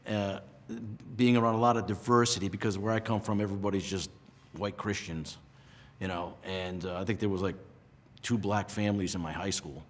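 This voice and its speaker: A middle-aged man from Rhode Island, talking earnestly and emotionally in a casual interview, with halting restarts. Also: sits low, steady tone, in a large hall. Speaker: interviewee, past lodge master.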